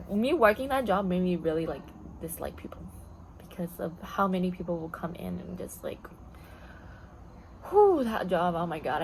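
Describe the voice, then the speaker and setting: A woman's voice: mid-range voice, vocal fry, slight background noise, poor audio. A woman vlogger telling a storytime in a rambling, blunt way, full of fillers and swearing, slipping into Spanish now and then. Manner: code-switches into Spanish. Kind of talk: casual storytime chat.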